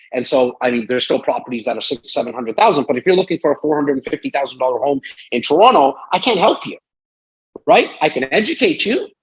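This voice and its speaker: Husky, animated man full of fillers. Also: mid-range voice, rough recording. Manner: rambling, animated, many fillers. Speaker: real estate broker and sales strategist. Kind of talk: casual podcast interview. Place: Toronto, Canada.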